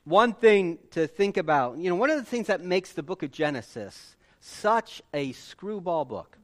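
A man preaching a sermon with animated delivery and emphatic repetition. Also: sits high, unhurried. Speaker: pastor.

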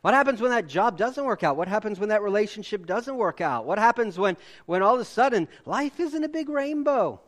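A male pastor delivering a sermon in a casual, conversational tone. His voice sits high and swings widely from bursts to quiet drops. He keeps asking the audience rhetorical questions. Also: expressive, fairly quick, few pauses.

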